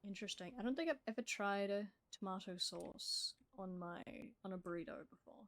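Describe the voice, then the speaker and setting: A woman's voice: medium pitch, brisk, a bit bright, no room sound. Woman streamer, casual gameplay chat, medium voice, chats with game critters. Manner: chatty, talks to game creatures.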